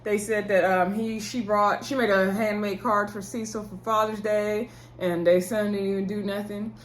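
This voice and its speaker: A woman's voice: medium pitch, little pitch movement, normal speed, a little hiss or hum. A woman casually recapping a reality show episode, chatty and slangy, laughing and acting out what people said.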